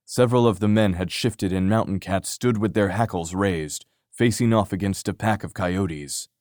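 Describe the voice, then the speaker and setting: A man narrating a fantasy audiobook in a steady, even storytelling manner. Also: low-pitched, normal speed, no room sound, clean studio sound. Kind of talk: scripted narration.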